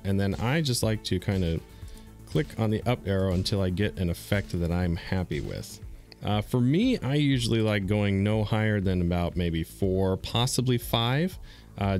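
A man with a low voice that rises and falls a lot as he explains each step of a software tutorial. He talks in a relaxed, step-by-step way, with easy fillers and small repeats. Soft music plays faintly behind him. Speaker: streamer teaching a design tutorial. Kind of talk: screen-recorded software tutorial.

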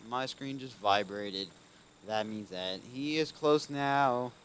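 A man's voice: mid-range voice, slow, slight background noise, low-quality recording. Frustrated casual gamer guy. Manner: casual, keeps saying "dude"; swings between mutters and loud frustrated outbursts. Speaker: gaming video host. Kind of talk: let's play commentary.

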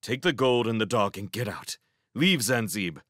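A man voicing an urgent, commanding young male merchant in chains, in a storybook reading, speaking in brisk instructions. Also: fairly low pitch, big pitch swings, a bit bright, no echo, studio quality. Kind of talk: storybook character voice.

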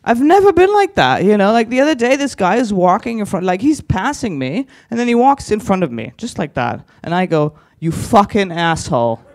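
A man's voice: sits high, very animated, fairly quick, few pauses, darkish tone, no room sound, clean studio sound. A man doing stand-up on a conference stage, teasing the audience with crude, chatty crowd work. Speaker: stand-up comedian.

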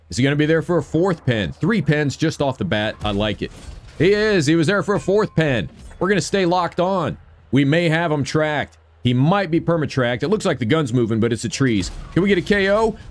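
Upbeat man doing game commentary. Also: a little high. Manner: upbeat, cheers on his own shots. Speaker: gaming video creator. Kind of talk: gameplay commentary.

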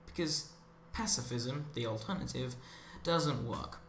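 A man's voice: mid-range voice, measured pace, gravelly, a bit bright, a little hiss or hum. Guy rambling sarcastically over gameplay, goes off on tangents, echoey room. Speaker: commentary channel host. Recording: roomy echo with faint ambience.

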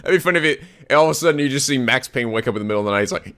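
A man doing loud, excitable gaming commentary, screaming, swearing and laughing at the game. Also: a little high, very fast, vocal fry, hardly any pauses. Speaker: let's play commentator. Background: game music.

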